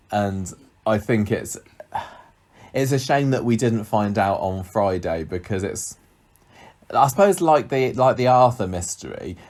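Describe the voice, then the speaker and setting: A man's voice: medium pitch, a little mellow. A man co-hosting a podcast, chatting casually about a soap with a playful, teasing manner and frequent laughter. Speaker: podcast co-host. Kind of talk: casual chat.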